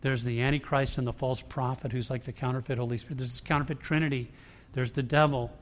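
A man preaching a sermon to a congregation, emphatic and swinging between hushed lines and loud ones. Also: mid-range voice, fairly even intonation, quick pace. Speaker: pastor. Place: large church room before a congregation. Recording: long hall reverb.

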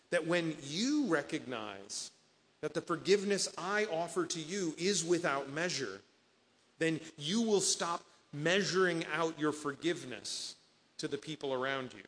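A male pastor delivers an earnest sermon, quoting scripture and acting out the people in his stories. His voice sits a little high for a man and rings with the long reverb of a big hall. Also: lively intonation, normal speed, a bit bright. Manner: earnest preaching, quoting scripture and voicing imagined speakers.

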